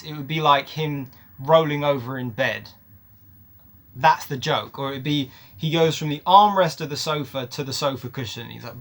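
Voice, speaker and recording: A man's voice: fairly high pitch, expressive, normal speed, a bit bright. A man giving a casual, opinionated film review, emphatic and ranting, repeating words for stress. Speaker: movie reviewer.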